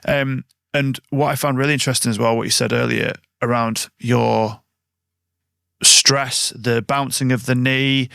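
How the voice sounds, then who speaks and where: A man hosting a podcast interview, talking in a reflective, anecdotal way with long, drawn-out phrasing. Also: medium pitch, fairly even intonation, vocal fry, pushed and bright, smooth, dry recording, studio quality. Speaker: podcast host. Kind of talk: conversational interview.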